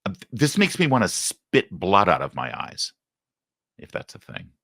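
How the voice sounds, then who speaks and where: A man's voice: low-pitched, huge pitch swings, moderate pace, fairly bright tone, breathy edge, dry recording, studio quality. A man hosting a political talk show, giving emotional, indignant commentary. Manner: emotional, indignant, rising to heated outbursts. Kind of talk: opinionated commentary.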